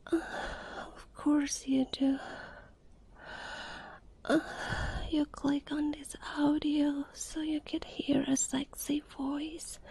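A woman in whispered role-play, talking in a slow, unvoiced whisper broken by long, hesitant pauses. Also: sits high, mellow, low-quality recording. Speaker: audio performer.

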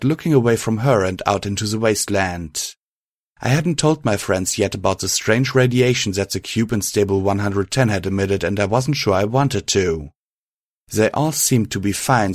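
A man reading a first-person fan fiction story aloud, steady and even. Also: fairly low pitch, moderate pace, dry recording, studio quality. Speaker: narrator.

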